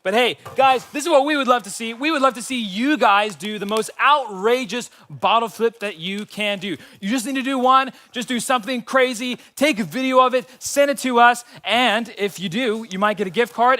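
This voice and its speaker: A young man hosting a live web show for young teens, playful, teasing and excitable. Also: very high-pitched, a little fast, few pauses. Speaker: host of a youth web show.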